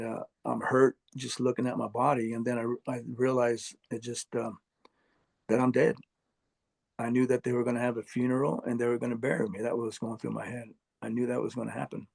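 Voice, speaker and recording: Gravelly man telling a personal story. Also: mid-range voice, a little mellow. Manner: halting, earnest, many fillers and restarts. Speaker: near-death experience storyteller. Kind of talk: personal testimony interview.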